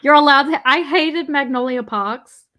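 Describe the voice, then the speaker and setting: A woman co-hosting a casual chat, animated and teasing, laughing often. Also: high voice, moderate pace. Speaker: podcast co-host.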